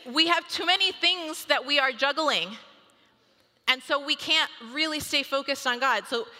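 A woman's voice: high-pitched, moderate pace, sharp tone. A woman in her thirties giving a chatty devotional talk and acting out family conversations. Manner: chatty, acts out family dialogue. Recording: long hall reverb.

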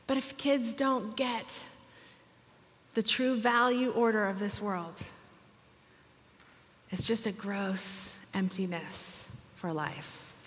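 A woman's voice: mid-range voice, slow, pauses often, slight background noise. Woman telling a moving story in a hall. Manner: emotional, tearful at moving moments; lively storyteller, voicing people in her stories. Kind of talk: storytelling talk to an audience.

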